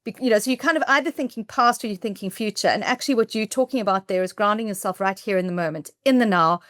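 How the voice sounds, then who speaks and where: A woman's voice: medium pitch, fast, a bit bright, no room sound, clean studio sound. Enthusiastic woman podcast host. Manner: enthusiastic, reflective, talks through her own thoughts. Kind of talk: podcast interview.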